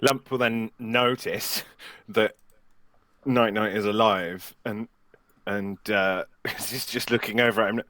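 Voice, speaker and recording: A man playing a tabletop game, giggly and expressive as he describes his turn. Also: fairly low pitch, takes it slowly, no echo. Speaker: player.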